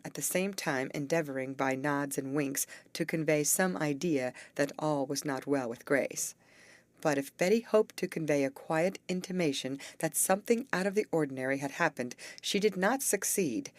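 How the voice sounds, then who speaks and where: A woman narrating a graded English story for learners, reading slowly, clearly and evenly. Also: low voice, no room sound.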